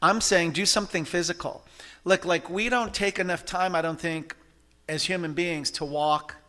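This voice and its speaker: Male church service leader, bright, a little high, animated and chatty with shouting bursts. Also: normal speed. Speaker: practitioner leading a service. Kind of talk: sermon. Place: church sanctuary.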